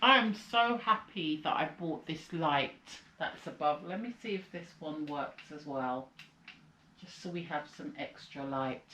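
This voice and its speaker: A woman's voice: deep voice, unhurried, reverberant, background noise. A woman from the UK chatting casually through a haul vlog, sounding tired and rambling, with a slight cold coming on. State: slight cold, sucking a lozenge. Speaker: vlogger. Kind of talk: casual chat.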